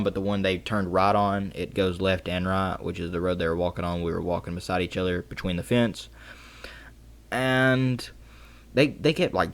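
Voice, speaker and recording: Young man, lowish voice, rambling casual storyteller, slangy. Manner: rambling, heavy use of "like" and "bro", excited retelling. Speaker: storytime vlogger.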